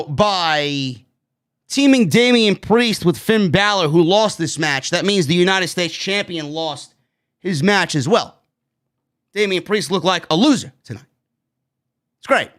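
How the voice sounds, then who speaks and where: A man's voice: sits high, lively intonation, a little slow, a bit bright. A man reviewing a wrestling show on his own, blunt and sarcastic, swearing freely. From New York. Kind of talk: opinionated solo show review.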